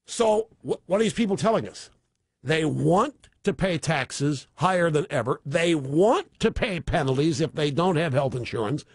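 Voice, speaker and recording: Man, radio talk host, sarcastic monologue, high lively voice, husky edge, dry close sound. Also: normal speed, dry recording. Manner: animated, sarcastic commentary with mocking asides.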